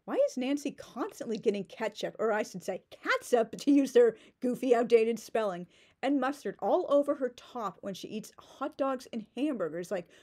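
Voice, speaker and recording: A woman with a fairly high voice rants through a book critique, sarcastic and indignant. She talks loosely, with lots of "like" fillers and restarts. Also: normal speed, a little mellow.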